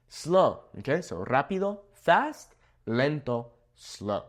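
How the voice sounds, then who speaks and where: Teaching Spanish vocabulary on video, a young man works at a whiteboard in a room, upbeat, playful, and laughing at his own jokes. His mid-range voice has a sing-song quality and moves at a moderate pace.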